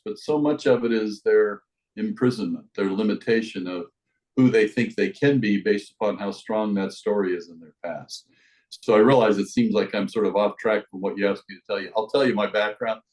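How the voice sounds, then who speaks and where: A man's voice: on the low side, darkish tone, low-quality recording. A middle-aged American man, a life coach, talking in an expansive, reflective way as a guest on a podcast interview. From United States.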